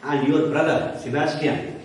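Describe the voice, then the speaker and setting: A man's voice: on the high side, fairly even intonation, unhurried, darkish tone. A male teacher explains a play line by line in a classroom lecture, leaning on the filler "you can say" as he paraphrases. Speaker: English teacher. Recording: very echoey, distant, faint hiss.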